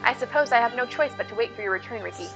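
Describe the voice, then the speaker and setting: A woman's voice: on the high side, expressive, fairly bright tone, soft background music, rough recording. A woman reading a prim young noblewoman. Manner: prim and measured. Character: poised, formal young noblewoman.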